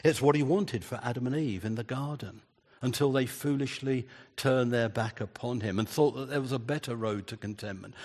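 An older man delivers an earnest sermon, stacking repeated phrases for emphasis. His husky voice rings out with a long reverb, as in a church hall. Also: lowish voice. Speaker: preacher.

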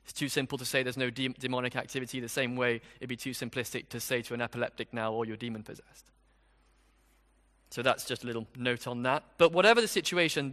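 A man's voice: medium pitch, fairly bright tone, big-room sound. A man preaching an expository sermon in a conversational way, with rhetorical questions.

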